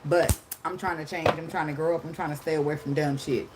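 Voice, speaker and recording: A woman in her thirties giving a casual tarot reading, talking loudly and profanely with lots of laughter. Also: low voice, steady tone, brisk, heavy background noise. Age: 30s. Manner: loud, profane, laughing storyteller. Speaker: tarot reader.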